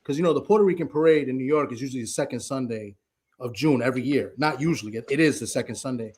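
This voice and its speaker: A man's voice: mid-range voice, quick pace, a little mellow. A man co-hosting a casual live stream, retelling a conversation with lots of restarts and quoted asides. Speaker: co-host.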